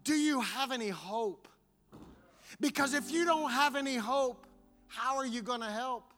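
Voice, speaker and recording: A man's voice: very high voice, unhurried, sharp tone, soft background music. A man preaching a sermon to his congregation, building fervor through repetition. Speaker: pastor.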